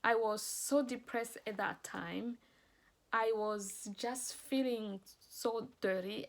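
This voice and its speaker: A woman author giving an earnest, emotional personal testimony and promoting her books. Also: medium pitch.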